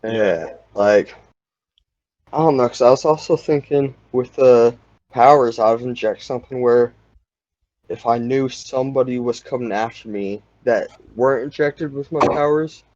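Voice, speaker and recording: A man's voice: medium pitch, moderate pace, darkish tone, dry recording. A young man in casual chat, rambling and saying "like" constantly. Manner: rambling, heavy use of "like". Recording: dull lo-fi sound.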